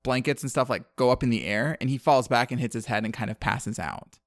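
Animated man recapping a movie. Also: mid-range voice, fairly quick, dry recording, studio quality. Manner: animated storyteller, acts out characters' lines. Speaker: podcast co-host recapping a film. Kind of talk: casual chat.

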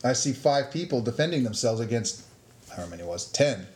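A man playing a tabletop game, quick and argumentative in character. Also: mid-range voice, animated, darkish tone. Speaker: player. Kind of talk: casual tabletop play. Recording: echoey room with faint noise.

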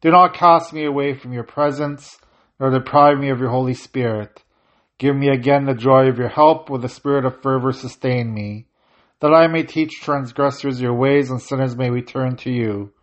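A man leads a prayer service, chanting and intoning the prayers and dropping short, plain-spoken asides between them. His voice is mid-range with fairly even intonation and a moderate pace, and the audio is slightly dull and lo-fi.

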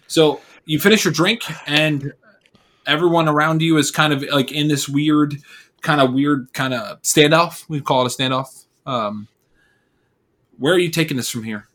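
An American man narrating as game master, animated and laughing often. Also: on the high side, normal speed.

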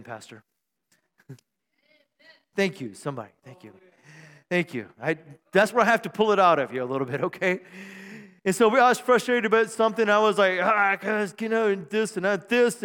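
A high-voiced male pastor preaches in a conversational, joking style, calling out to the congregation for responses. His voice rings with long reverb in the church sanctuary. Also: fairly bright tone, clear, resonant tone. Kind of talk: sermon.

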